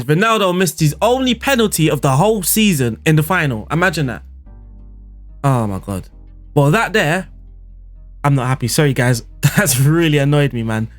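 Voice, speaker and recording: A man commentating on his own football game as a YouTuber, exclaiming and groaning at every chance. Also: on the high side. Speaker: gaming YouTuber.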